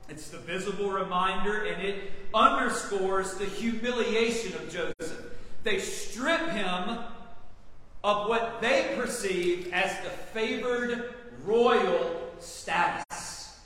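A man's voice: high voice, slow pace, sharp tone. A man preaching an expository sermon, asking his congregation rhetorical questions. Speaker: pastor. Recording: echoey hall from far off, faint hiss.

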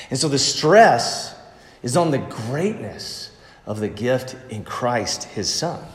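Man, pastor preaching, lively animated delivery, long hall reverb. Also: mid-range voice. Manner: slow, emphatic preaching with lively swings between loud and soft. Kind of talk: sermon.

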